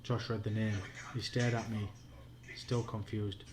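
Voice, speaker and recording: At home, a Yorkshire man reads a spooky children's book aloud as a bedtime story, his lowish, darkish voice level and a little slow. The delivery is plain and unpolished, with the odd slip.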